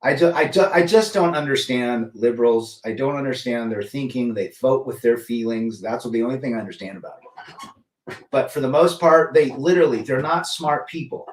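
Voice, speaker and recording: In a relaxed livestream, a middle-aged host reads chat aloud, calls out chatters by name, and doesn't soften his opinions. He speaks in a mid-range voice at a moderate speed, recorded from a distant mic with noticeable room echo.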